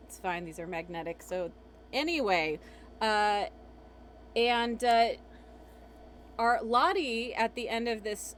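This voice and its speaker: A woman acting as game master, narrating a tabletop game in a soft ASMR style, chatty and full of fillers. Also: mid-range voice, a little hiss or hum. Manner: rambling, chatty, lots of fillers. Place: home streaming setup.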